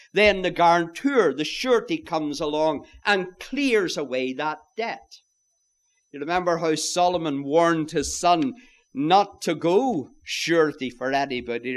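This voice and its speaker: Man, preacher, sermon, emphatic, rhetorical questions, fairly high voice. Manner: emphatic, addresses listeners as "my friends" with rhetorical questions.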